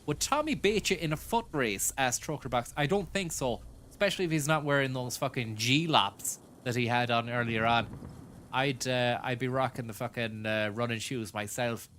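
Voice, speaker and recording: A man's voice: mid-range voice, normal speed, fairly bright tone, slight background noise. A man hosting a casual gaming stream, joking, swearing and thanking viewers for tips. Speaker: streamer host.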